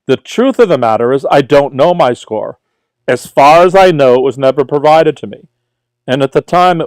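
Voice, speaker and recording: A man's voice: mid-range voice, a little mellow, smooth, no room sound. A middle-aged man from Brooklyn with a New York accent, hosting a casual livestream as a tutor and chattily reading out viewer questions before answering them.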